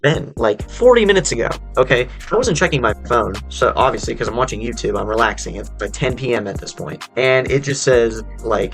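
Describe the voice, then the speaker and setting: Animated young man telling a storytime. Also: medium pitch, fast, hardly any pauses, soft background music. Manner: animated, swearing, rambling with many fillers. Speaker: storyteller vlogger. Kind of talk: casual storytime.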